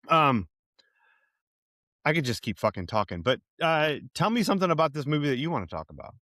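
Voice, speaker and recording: Podcast co-host, male, casual and animated, swears freely, dry close sound. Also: on the high side, brisk, dry recording. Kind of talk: casual movie chat.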